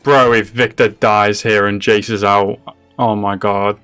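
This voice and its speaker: A man with a lowish voice gives loose, running reactions to a show he is watching. He blurts out exclamations and curses, and laughs now and then. The show's music plays quietly underneath. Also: flat delivery, a little slow, smooth. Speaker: reaction channel host. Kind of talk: casual reaction commentary.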